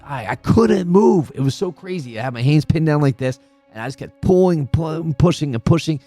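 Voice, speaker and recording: A man's voice: mid-range voice, darkish tone. A man hosting a horror gaming channel, telling a personal story in a casual vlog with earnest, emphatic insistence that it is true.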